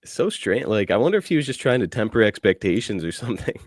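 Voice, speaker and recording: A man's voice: on the low side, very animated, fast talker, dry recording, studio quality. A man hosting a podcast, asking eager casual questions with swearing and laughs. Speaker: podcast host. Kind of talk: casual interview chat.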